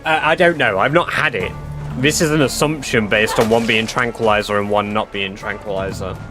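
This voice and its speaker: A man's voice: on the low side, normal speed, music in the background. A young man telling a casual story to his live stream viewers, chatty and full of fillers and swearing.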